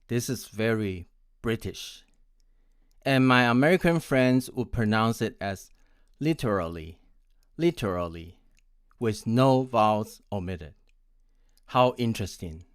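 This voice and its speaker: A man in his sixties from Taiwan, teaching English pronunciation. He talks very slowly and deliberately, spells words out letter by letter and repeats each one. His voice sits at an ordinary pitch and sounds dry and close. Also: clean tone, dry recording. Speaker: English speaking coach. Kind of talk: scripted lesson.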